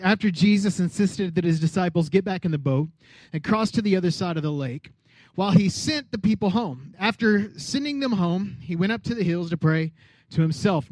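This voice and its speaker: A man's voice: high-pitched, dry recording. A man preaching a sermon as pastor, acting out Bible scenes and asking the crowd questions. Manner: lively, acts out Bible characters, asks the crowd questions.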